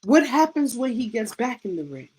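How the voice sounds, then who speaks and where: A woman's voice: a little high, very animated, normal speed, darkish tone, rough recording. A middle-aged woman and faith coach giving a devotional pep talk, full of rhetorical questions and punchy repetition, with casual vernacular slang.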